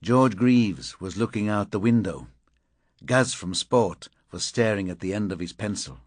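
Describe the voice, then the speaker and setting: A man's voice: lowish voice, expressive, measured pace, dry recording. A man narrating a crime novel in the first person, in clipped, fragmentary phrases. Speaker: audiobook narrator.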